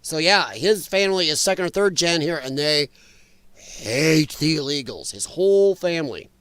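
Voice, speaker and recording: High-voiced blunt male livestream host. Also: normal speed, smooth, no echo. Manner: animated, blunt and opinionated, laughs and talks back to chat. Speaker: livestream talk show host. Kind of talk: casual live chat, reading viewer comments.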